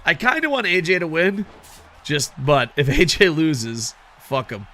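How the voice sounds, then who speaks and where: A man giving casual, excitable video game commentary, swearing constantly and talking to his viewers as "boys.". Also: on the high side, measured pace. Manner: excitable, heavily profane, addresses viewers as boys. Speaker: gaming commentator.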